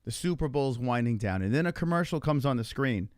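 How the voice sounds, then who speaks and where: With a medium-pitched voice and a brisk pace, a male podcast host swears freely as he tells stories in a loose, rambling, animated manner. The casual chat has a dry, clean studio sound.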